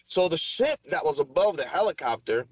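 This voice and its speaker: A man's voice: a little high, very animated, a little fast, slightly rough, no echo, highs cut off. Rambling man telling a long story. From Mexico. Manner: rambling, filler-heavy, slangy. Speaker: interviewee recounting an encounter. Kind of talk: casual storytelling.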